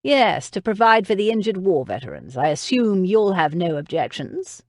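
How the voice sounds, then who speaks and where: A woman voicing a gruff young earl and war veteran in an audiobook. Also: sits high, sing-song, normal speed, dry recording, clean studio sound. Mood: determined.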